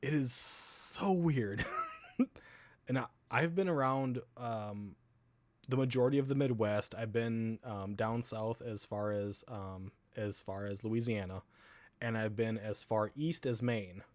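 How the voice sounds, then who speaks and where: A Southern US man hosts a casual livestream, speaking slowly in a lowish voice on a recording with no echo. He rambles from topic to topic, answering viewer comments and laughing often.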